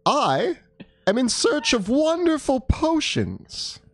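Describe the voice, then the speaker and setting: A man's voice: extremely high pitch, wildly swooping pitch, slow pace, no room sound, voice pushed up, full character voice. A man voicing an eccentric, overly polite male potion seeker in a tattered suit, with a pompous manner, in a tabletop game recorded in a dry room.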